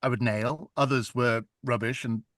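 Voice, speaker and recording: A man who narrates audiobooks chats casually in a mid-pitched voice, self-deprecating and quick to laugh. The recording is close and dry. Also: steady tone, a bit bright, no echo. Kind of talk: casual conversation.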